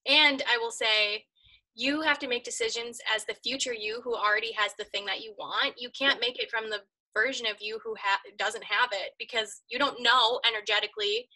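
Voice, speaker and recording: A woman guest speaks in a casual interview, her voice slightly high and strikingly sharp and bright. She talks with earnest, emphatic encouragement. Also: fairly even intonation, brisk, low-quality recording.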